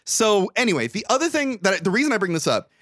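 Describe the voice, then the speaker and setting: A man's voice: sits high, fast, dry recording, studio quality. A young man co-hosting a podcast, casually retelling a movie with lots of swearing. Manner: animated retelling with swearing and acted-out quotes. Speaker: podcast co-host. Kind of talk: casual movie recap chat.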